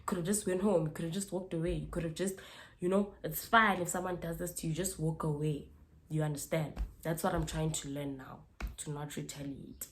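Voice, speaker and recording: A woman's voice: sits low, normal speed, a little hiss or hum. A young woman, telling a casual storytime vlog and acting out the exchanges as she goes. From South Africa. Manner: animated, re-enacts exchanges, keeps asking "you understand?". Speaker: YouTuber.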